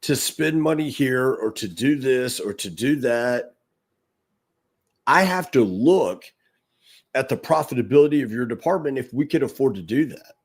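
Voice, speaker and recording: A middle-aged man co-hosting a podcast, telling an animated story and acting out the quotes. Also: mid-range voice, normal speed, slightly rough. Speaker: podcast co-host. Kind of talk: storytelling in casual podcast talk.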